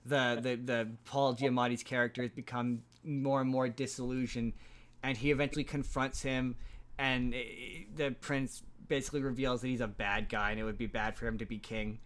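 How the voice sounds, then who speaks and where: A man of medium pitch chats casually as a podcast host, recapping a story. He rambles, trips over his words and restarts sentences often. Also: little pitch movement, normal speed, fairly bright tone. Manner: rambling, frequent restarts and stammered repeats. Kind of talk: casual chat recapping a film.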